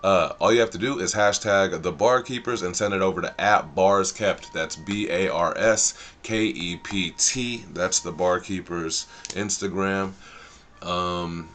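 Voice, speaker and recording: A man's voice: sits low, a little slow, fairly bright tone. A man hosting a casual live stream, chatting loosely in slang and drifting off track as he thinks aloud. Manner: rambling and easily sidetracked, thinking aloud; loose slang-filled talk.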